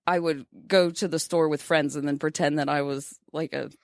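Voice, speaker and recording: A woman's voice: sits low, steady tone, moderate pace, no room sound, studio quality. A woman in her thirties chatting casually on a podcast, laughing often and poking fun at herself. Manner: laughs often, self-mocking. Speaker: podcast co-host.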